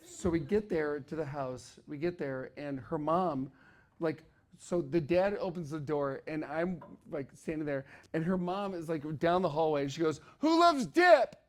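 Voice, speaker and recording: A man doing a high, lively stand-up voice. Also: moderate pace. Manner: animated, acts out the people in his story. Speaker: stand-up comedian. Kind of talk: stand-up storytelling. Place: comedy club stage with a laughing audience.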